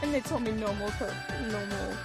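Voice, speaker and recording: A woman's voice: mid-range voice, normal speed, gravelly. A woman streaming a game, chatting casually, reading its dialogue aloud and laughing often. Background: game music.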